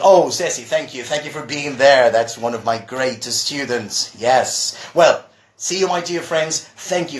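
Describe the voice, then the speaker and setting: A man's voice: medium pitch, roomy sound. A man teaching English in a live stream, chatty and casual, reading viewer questions aloud as he goes. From Argentina. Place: room at home.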